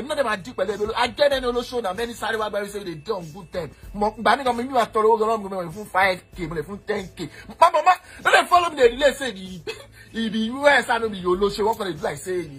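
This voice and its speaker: A man with a Nigerian accent, mixing Pidgin and Yoruba, ranting loudly and boastfully, now and then shouting or slipping into a sing-song. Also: high voice. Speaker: eyewitness in a played clip. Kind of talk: heated rant.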